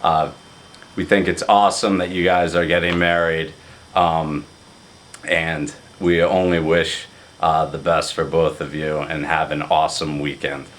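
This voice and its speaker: A man giving a rehearsal dinner toast, halting with many fillers and restarts. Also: rumbling low, level tone, a bit bright, a little hiss or hum.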